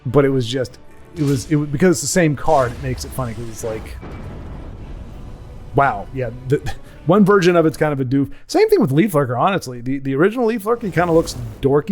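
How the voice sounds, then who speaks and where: A man's voice: mid-range voice, fairly quick, darkish tone, soft background music. Rambling folksy man talking over gameplay. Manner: rambling, self-correcting, folksy asides; puts on goofy voices when quoting people. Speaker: gaming channel host. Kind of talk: casual chat over gameplay.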